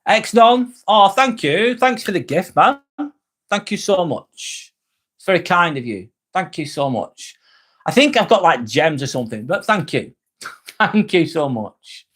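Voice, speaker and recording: A man's voice: sits high, very animated, measured pace, a bit bright, breathy edge. Man chatting on a live stream. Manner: reads viewer comments aloud and replies, joking and swearing freely. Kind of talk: casual live-stream chat.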